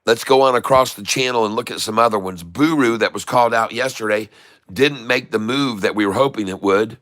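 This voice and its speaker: A man's voice: lowish voice, a little fast, fairly bright tone. A middle-aged man from Florida giving folksy, showman-like live market commentary and greeting viewers by name. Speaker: day-trading streamer.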